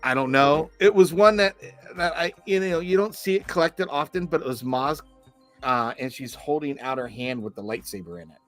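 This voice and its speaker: A man's voice: on the high side, moderate pace, a bit bright, soft background music. A middle-aged man co-hosting a podcast, rambling through casual stories with many restarts. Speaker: podcast co-host.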